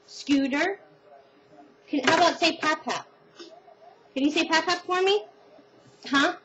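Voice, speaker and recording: Older woman, grandmother, high and slow, coaxing sing-song delivery; muffled home-video sound with background noise. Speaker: grandmother filming her grandchildren.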